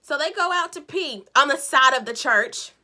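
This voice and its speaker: A woman's voice: high-pitched, moderate pace. A woman giving a casual, chatty recap of a TV episode, telling it with sass and acting out the characters' lines. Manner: animated, sassy storytelling with acted-out quotes. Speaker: show recap vlogger.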